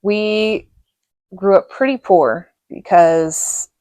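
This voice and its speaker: A middle-aged woman from Reno telling rambling stories about her childhood, laughing often and filling pauses. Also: medium pitch, dark tone, clear, resonant tone, no echo. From Reno, Nevada. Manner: rambling, chatty, laughs often, many fillers. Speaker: vlogger. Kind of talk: casual storytelling monologue.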